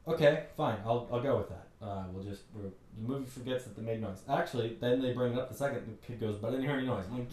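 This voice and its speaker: A man's voice: mid-range voice, fast, hardly any pauses, a little mellow, roomy sound, far from the mic, a little hiss or hum. A man giving an exasperated, joking recap of a bad movie, putting on mocking voices as he goes. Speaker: movie reviewer. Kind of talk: comedic movie rant.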